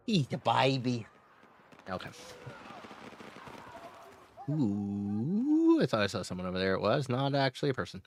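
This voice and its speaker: A man with a tired, hoarse voice chats through a live game stream. His delivery is unhurried but swoops widely in pitch. He laughs readily and swears freely, over a faint hiss of background noise. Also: big pitch swings. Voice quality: laughs often, swears, hums along. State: hoarse, strained voice.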